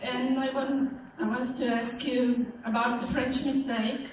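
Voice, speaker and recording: A woman with a slightly high voice earnestly puts her question to the stage. She is caught from far away in a booming, echoing hall with noise behind her. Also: flat delivery, a little slow. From Italy. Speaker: fan asking a question. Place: convention hall audience.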